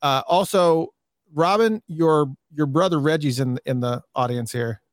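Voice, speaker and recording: A man's voice: fairly high pitch, measured pace, no room sound, studio quality. A male show host making hesitant, filler-heavy announcements to viewers during a livestream. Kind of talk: livestream hosting.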